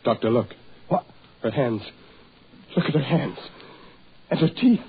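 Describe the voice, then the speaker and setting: An actor in 1940s radio drama playing a frantic husband driven half mad, with a strained, desperate voice. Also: male voice, mid-range voice, sing-song, unhurried, breathy edge, exaggerated voice. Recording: muffled old radio recording.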